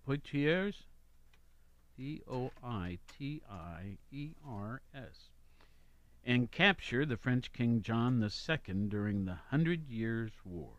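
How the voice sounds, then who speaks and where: A man's voice: mid-range voice, animated, slow pace, no echo, highs cut off. A man hosts a local radio show, chatting his way through notes and adding offhand remarks. His voice sits in the middle range and sounds dry and close to the mic. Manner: chatty, reads weather and history notes with asides. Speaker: radio host. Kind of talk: casual radio chat.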